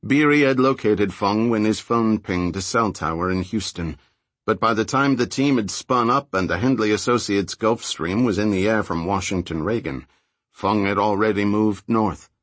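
A man reading a thriller audiobook in a steady, low-key scripted narration. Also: normal speed, no room sound.

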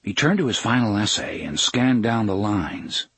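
Husky man narrating expressively. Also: on the low side, moderate pace, no echo. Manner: expressive reading, voicing each character. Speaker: audiobook narrator. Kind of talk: scripted narration.

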